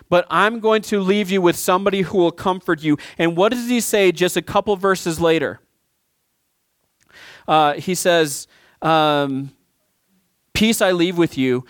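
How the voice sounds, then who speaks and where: Male pastor in his 30s, slightly high voice, chatty sermon delivery, dry close recording. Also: clear, resonant tone, no echo. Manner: conversational, with frequent "right?" asides and restarts.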